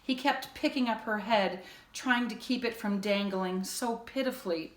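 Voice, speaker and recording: A woman's voice: medium pitch, normal speed. A woman teacher recapping a children's chapter book in a casual way and then reading it aloud expressively. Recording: echoey room.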